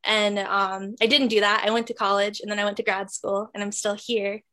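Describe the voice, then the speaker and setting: A woman's voice: medium pitch, level tone, normal speed, sharp tone. Earnest young woman from West Virginia. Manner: earnest, reflective, frequent fillers. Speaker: journalist guest. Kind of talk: conversational interview.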